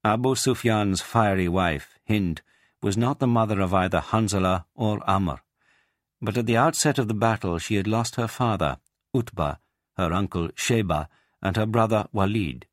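A man reading a historical account aloud as a narrator, in a measured, even way. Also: on the low side, dry recording, clean studio sound. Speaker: audiobook narrator. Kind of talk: scripted narration.

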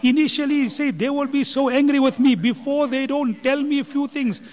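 Male preacher, very high register, impassioned, reverberant hall. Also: steady tone, brisk, few pauses. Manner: impassioned, rising in pitch and volume when quoting. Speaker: religious speaker explaining a scholar's teaching. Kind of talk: sermon.

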